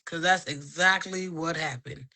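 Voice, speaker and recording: A woman in her 30s speaks at a measured pace in a low voice that still sounds bright and forward. Chatting casually on a podcast, she gives her personal faith testimony with animation, taking on the voices of those she quotes.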